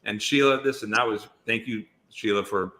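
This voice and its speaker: A guest actor on a podcast chats casually, telling long, rambling stories full of restarts. His voice is on the low side, bright and forceful in tone, at a normal speed.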